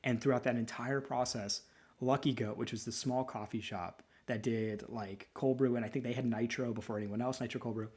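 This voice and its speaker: A man's voice: mid-range voice, steady tone, a little fast, darkish tone, breathy edge. A man in his thirties, a lawyer co-hosting a podcast, talking in a rambling, candid, sentimental way with frequent restarts. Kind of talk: casual chat.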